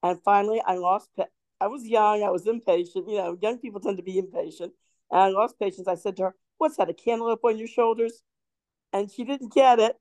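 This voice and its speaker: A woman with a mellow, warm tone tells old stories at an easy pace, pausing with ums and laughing often. She co-hosts a casual podcast. The sound is dry and close. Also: medium pitch, no room sound. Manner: anecdotal, laughs often, searches for words. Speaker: podcast co-host. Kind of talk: casual storytelling chat.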